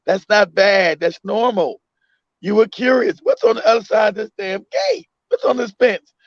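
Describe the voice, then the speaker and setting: Emphatic high-voiced man, dull lo-fi audio. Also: very animated, moderate pace, creaky, no echo. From United States. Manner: emphatic, repeats himself, acts out a mother. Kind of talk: casual chat. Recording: dull lo-fi sound.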